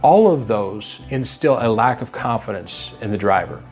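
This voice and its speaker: Steady instructive man, faint music behind. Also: on the low side, normal speed. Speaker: trucking industry speaker. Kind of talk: scripted motivational talk.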